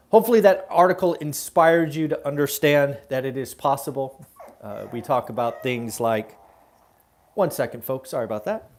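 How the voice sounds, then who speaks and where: Hosting a daily live real estate show from a room in his home, a middle-aged man speaks alone to the camera with direct, emphatic advice, saying "uh" often. His voice leans high and has a darkish tone.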